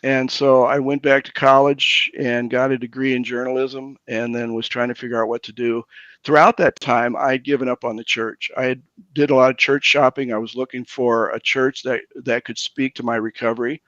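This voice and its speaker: A pastor in his sixties candidly tells his own recovery story, halting often, stumbling, and repeating words as he restarts. His mid-range voice is a bit bright, with no echo but lo-fi sound.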